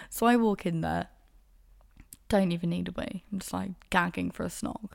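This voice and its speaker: Woman podcast host, young, low voice with lots of fry, frank and sweary storytelling. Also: steady tone, moderate pace. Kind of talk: casual solo storytelling.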